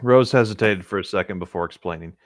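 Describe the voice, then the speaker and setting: A young man co-hosting a fan fiction reading podcast, easygoing and quick to laugh. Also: deep voice, dry recording, clean studio sound. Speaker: co-host.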